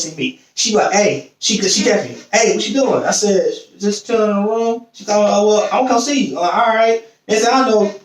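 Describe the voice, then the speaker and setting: High-pitched man telling stories in an echoey room. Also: a little hiss or hum. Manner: animated storyteller, acts out quoted voices. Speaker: podcast host. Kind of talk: casual storytelling chat. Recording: echoey room, distant mic.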